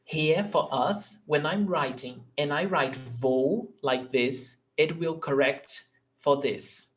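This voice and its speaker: A man's voice: fairly high pitch, takes it slowly, fairly bright tone. A man, teaching a language class and patiently repeating example words. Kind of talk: live online class.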